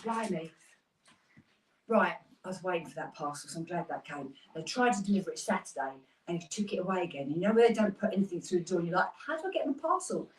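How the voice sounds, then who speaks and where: A woman's voice: fairly low pitch, fast talker. A British woman in her thirties, a fitness instructor chatting upbeat through a live workout class, with rambling asides. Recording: roomy sound, mic at a distance.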